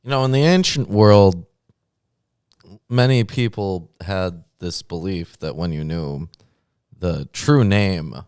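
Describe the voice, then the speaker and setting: A man with a very deep voice co-hosting a podcast in a casual, laid-back way. He speaks slowly and drops in questions and joking asides, recorded dry and close. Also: darkish tone, clean tone, no room sound. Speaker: podcast co-host. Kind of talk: casual chat.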